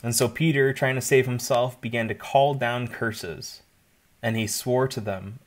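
A man's voice: medium pitch, steady tone, a little slow. A man, likely a pastor, giving an informal Bible teaching, explaining in a conversational way with asides.

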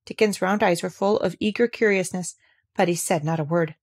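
A woman reading a classic children's novel aloud in steady, clear storytelling narration. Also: on the low side, a little fast, no echo, studio quality. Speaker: audiobook reader. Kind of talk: scripted narration.

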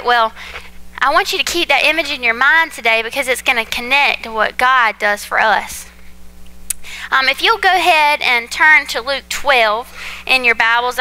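A young woman gives a sermon full of personal stories. Her voice is high, very bright and clean. She talks in a chatty, animated way, straight to the congregation. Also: clear, resonant tone, low-quality recording. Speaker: pastor's wife preaching.

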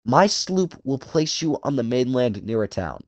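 Here an audiobook narrator voices a genteel but cruel aristocratic hunter general, purring and courtly, lingering over his words with obvious relish and raising them above his narrating voice. The medium-pitched delivery is sing-song, with no echo and the highs cut off.

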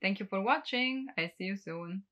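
A woman repeats beginner phrases slowly, word by word. Her voice is bright and forceful, at a middle pitch for a woman. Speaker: language teacher.

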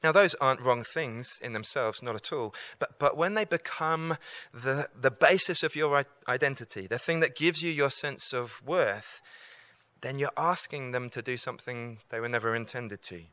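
A man's voice: mid-range voice, normal speed, bright, forceful tone, no echo. A man giving an evangelistic talk to students, earnest and repeating key lines for emphasis. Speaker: campus preacher.

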